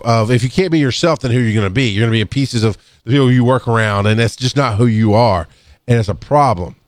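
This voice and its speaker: A middle-aged man, an EMT and podcast co-host, telling rambling work stories in casual chat and jumping up in pitch to act out other people's lines. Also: no echo, clean studio sound. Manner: rambling, restarts, acts out quotes in a higher voice. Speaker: podcast co-host, EMS worker. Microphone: studio microphone.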